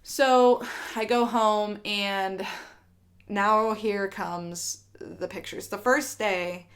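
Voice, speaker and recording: A woman's voice: mid-range voice, fairly even intonation, drawn-out words, a bit bright. A young woman vlogger telling a candid storytime, rambling and swearing freely with lots of fillers. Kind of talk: storytime vlog.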